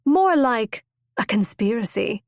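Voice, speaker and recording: A woman's voice: on the high side, lively intonation, slow, no room sound, studio quality. A woman voicing an impulsive, witty young noblewoman who tells her tale eagerly and theatrically. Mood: lively. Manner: bright, eager, storytelling.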